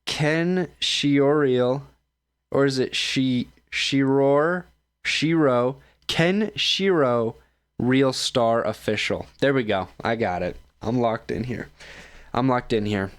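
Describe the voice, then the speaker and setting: A man's voice: medium pitch, measured pace, smooth. A man hosting his own streaming show, reacting to videos in loose, joking, self-mocking chat while sounding tired and yawning. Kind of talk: casual rambling commentary.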